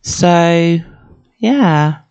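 Woman, middle-aged, British, podcast host, rambling casual monologue, lowish pitch, gravelly fry. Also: animated, drawn-out words. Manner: rambling, gentle and chatty, with many fillers.

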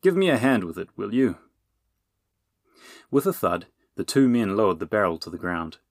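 A man narrating a children's adventure audiobook in a steady, even reading voice, on a close mic. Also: low voice, dry recording. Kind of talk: scripted storybook narration.

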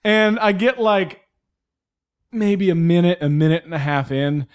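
A young man from the American South telling a story in casual chat, animated and swearing, acting out the voices of the people in it. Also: high voice, unhurried, smooth. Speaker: guest comedian.

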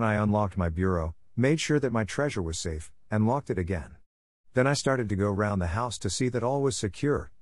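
A man narrating a first-person story as an audiobook, in a measured, earnest way. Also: lowish voice, darkish tone.

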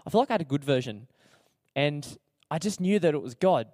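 A man's voice: fairly high pitch, expressive, a little fast, darkish tone, no echo, clean studio sound. A young Australian man telling his own story to an audience in a chatty, slangy, self-deprecating way, with lots of fillers. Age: young adult. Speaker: speaker sharing his testimony.

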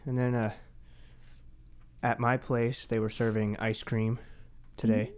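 A man co-hosting a podcast, chatting casually with deadpan quips. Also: mid-range voice, measured pace, pauses often, smooth. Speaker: podcast co-host. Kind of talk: casual chat.

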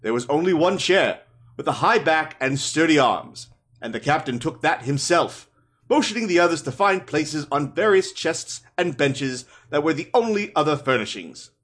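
A man reading a fantasy novel aloud for a podcast, with expressive storytelling. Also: fairly high pitch, normal speed. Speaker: podcast reader.

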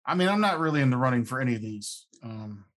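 A man's voice: medium pitch, expressive, fast, a bit bright. A man playing a tabletop game, chatting casually and making dry jokes. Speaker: player, regular of the show.

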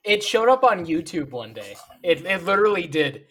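A man co-hosting a casual podcast, reacting with jokes and quick asides. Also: sits high. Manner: animated, joking reactions. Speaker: podcast co-host. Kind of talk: casual chat.

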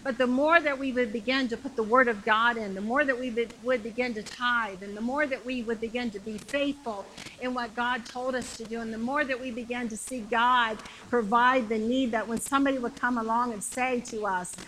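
A woman's voice: a little high, steady tone, a little fast, few pauses, sharp tone, slight background noise, rough recording. A middle-aged woman preaching a sermon in a conversational, emphatic way, repeating phrases to build up her point, with a congregation answering her.

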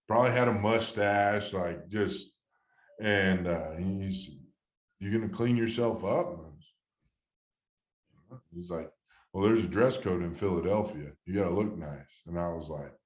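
A man in his thirties with a very low voice, recalling his playing days in a loose, rambling way that keeps restarting. The talk is heartfelt and easy. The room is echoey and lively around him. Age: 30s. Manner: rambling, emotional storytelling with many restarts. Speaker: former baseball player, guest. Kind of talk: casual storytelling interview.

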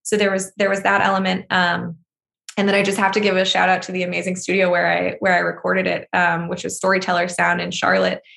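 A woman's voice: on the low side, completely flat delivery, a little fast, vocal fry, fairly bright tone. A woman author being interviewed, talking openly and often laughing as she speaks. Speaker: author and guest. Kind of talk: emotional conversational interview.

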